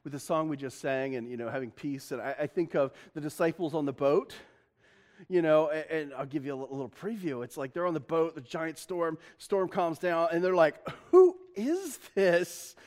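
A male pastor with a high voice gives a chatty, self-deprecating sermon. He laughs often, restarts his sentences, and talks easily to the congregation. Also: fairly quick.

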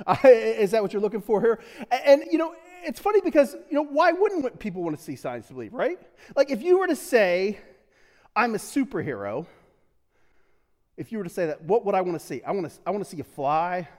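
High-voiced joking male pastor. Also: big pitch swings, fast, darkish tone. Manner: joking, chuckling often, restarts and fillers. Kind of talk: casual conversational sermon. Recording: long hall reverb.

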